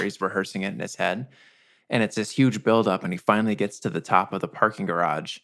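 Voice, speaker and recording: A man with a fairly low voice, co-hosting a movie podcast. He has an easygoing manner and retells film scenes in relaxed, casual chat. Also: fairly quick, gravelly. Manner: easygoing, storytelling. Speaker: podcast co-host.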